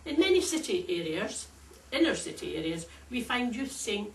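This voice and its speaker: An older woman with a Scottish accent delivering a prepared, humorous speech at a speakers club in a wry, measured, deliberate way. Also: a little high, big pitch swings. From Scotland. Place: club meeting room. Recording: echoey room, distant mic, faint hiss.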